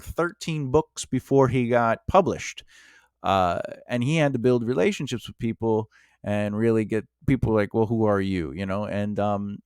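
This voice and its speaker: Speaking in a mid-range voice, a male screenwriter chats conversationally to camera about writing, performing small quoted exchanges as he goes. It's studio-quality audio with no room sound.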